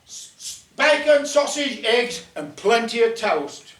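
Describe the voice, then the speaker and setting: A man's voice: extremely high pitch, sing-song, slow pace, fairly bright tone, voice pushed up, heavily acted. An older man voicing a hungry, businesslike little male goblin in a matter-of-fact way. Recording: echoey room, mic at a distance.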